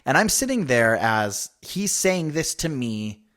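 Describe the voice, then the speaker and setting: A man's voice: medium pitch, a little slow. A man in his thirties co-hosting a podcast, telling a story in casual chat and quoting the people in it. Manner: animated storyteller, quotes others in voices. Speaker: podcast co-host.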